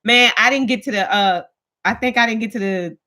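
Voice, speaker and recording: A woman's voice: on the high side, a little fast. Woman, thirties, live-stream host; direct, hard-edged casual talk. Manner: talks with her hands, blunt and animated, reads viewer comments. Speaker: vlogger, stay-at-home mom. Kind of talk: casual live chat with viewers.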